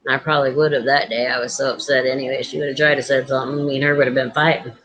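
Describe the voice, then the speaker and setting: A woman's voice: a bass voice, very fast, hardly any pauses, poor audio. A woman hosting a casual chat, telling family stories and acting out the voices of the people in them. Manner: animated, acts out quoted voices. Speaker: host.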